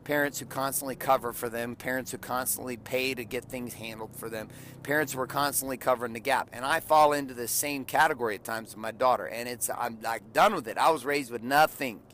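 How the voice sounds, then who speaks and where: A man of about forty, talking bluntly and crudely like a preacher, tells a long parenting story. His voice sits at an ordinary middle pitch. A faint hiss of noise runs under the recording. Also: fairly even intonation, fairly quick, a bit bright. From California. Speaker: father and podcaster. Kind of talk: blunt motivational monologue.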